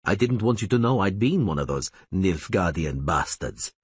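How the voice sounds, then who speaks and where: A man voicing a calm, reasonable young male outlaw with a foreign accent. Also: low voice, moderate pace, slightly rough, no room sound.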